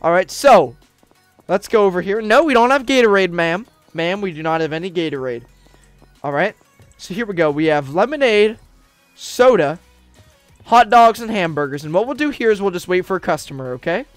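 Game roleplay host, bossy, yells suddenly, very animated pitch, dead dry sound. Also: normal speed, no echo, faint music behind. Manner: bossy, excitable, bursts into yelling. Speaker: roleplaying gamer and channel host.

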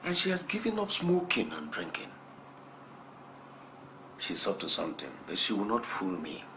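An actor with a Nigerian accent playing a stern, suspicious father in a film, gravelly and slow. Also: low-pitched, huge pitch swings, bright, forceful tone, a little hiss or hum, full character voice. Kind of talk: Nollywood film acting. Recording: film audio with music underneath.

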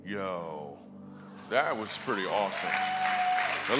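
A man's voice: medium pitch, brisk, over loud music. A man giving a guest sermon at a church, telling funny stories and bantering with the crowd. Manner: storytelling with jokes, lively asides to the crowd. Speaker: guest speaker. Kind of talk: comedic sermon. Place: church auditorium. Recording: church hall reverb.

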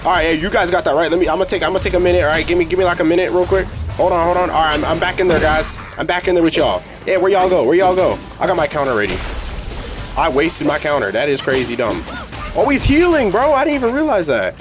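A young man giving casual, excitable, slangy commentary while playing a video game. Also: a little high, quick pace, music in the background. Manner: excitable, yelling, slangy, hype. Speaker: gaming streamer.

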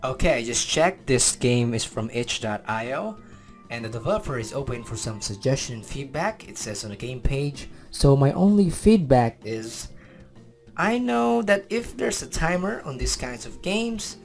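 A man from the Philippines doing gameplay commentary, excitable, talking to himself and his viewers and calling out answers as he plays. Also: mid-range voice, normal speed, creaky, faint music behind. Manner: excitable, talks to himself and the audience, counts answers aloud. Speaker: gaming YouTuber.

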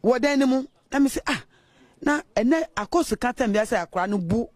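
A woman neighbor telling an interviewer in a lively way what she witnessed, acting out the voices she quotes. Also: a little high, a little fast, no room sound. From Ghana. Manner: animated storytelling, acts out quoted voices. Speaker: neighbor giving witness account. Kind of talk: interview account in Twi.

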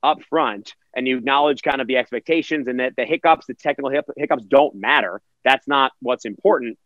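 A man's voice: mid-range voice, brisk, no echo, highs cut off. A man who works as a virtual event host, answering interview questions energetically and acting out quotes in other voices.

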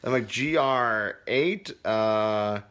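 A man's voice: fairly low pitch, very slow, a bit bright, smooth. Casual, profane male comedy teacher. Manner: reads viewer comments aloud, loose and profane. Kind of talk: casual livestream Q&A.

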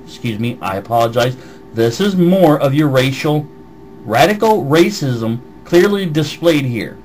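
A man's voice: medium pitch, lively intonation, measured pace, darkish tone, a little hiss or hum, rough recording. A man with a slight Southern American accent, ranting on a vlog and reading out comments in a heated, swearing voice. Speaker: vlogger. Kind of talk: angry vlog rant answering comments.

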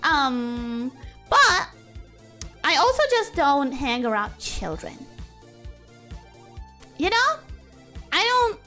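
A woman's voice: high-pitched, very slow, long pauses, soft background music. A young woman streaming while she draws, chatting casually and rambling, often cutting herself off mid-sentence. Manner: rambling, self-interrupting, animated. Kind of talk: casual chat while drawing.

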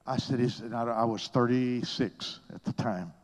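A man preaching a sermon, swinging between hushed whispers and loud, high exclamations in a husky voice. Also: normal speed.

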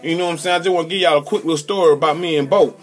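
Guy in his 40s hosting live radio, pretty high voice, loud hype shout-outs. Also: fairly even intonation, racing, faint music behind. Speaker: radio host. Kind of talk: casual live radio talk.

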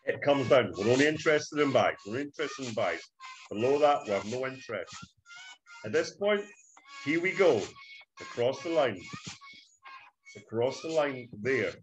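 A man talks his audience through trades on a chart, building hype like a salesman. His voice sits at an ordinary middle pitch. Clear background music plays under him the whole time. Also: animated, moderate pace, long pauses, lo-fi sound. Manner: hyped salesman-like, addresses "ladies and gentlemen". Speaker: trading instructor. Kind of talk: screen-share trading walkthrough. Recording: music bed behind voice.

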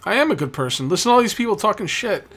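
A man's voice: high-pitched, sing-song, very fast, fairly bright tone. A man hosting a let's play, giving casual gameplay commentary and joking with the game's customers as he goes. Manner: jokey, chats with game customers.

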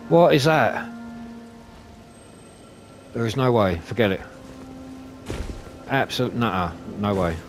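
Sweary gamer over game music. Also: male voice, on the low side, takes it slowly, long pauses. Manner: sweary, excitable, talks to enemies. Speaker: gaming YouTuber. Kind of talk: let's play commentary.

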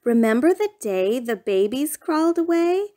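A woman's voice: high-pitched, big pitch swings, moderate pace, mellow. A woman reading a rhyming picture book aloud in a sing-song, playful bedtime storytelling manner.

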